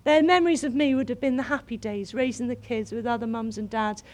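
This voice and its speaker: A woman preaching to a congregation, telling a personal story in an animated way that keeps breaking into laughter. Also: fairly high pitch, fairly quick. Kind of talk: sermon storytelling.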